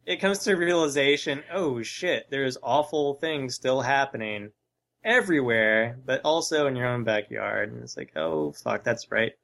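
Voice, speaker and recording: Rambling, relaxed podcast guy. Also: medium pitch, a little slow, creaky. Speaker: podcast co-host. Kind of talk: casual chat.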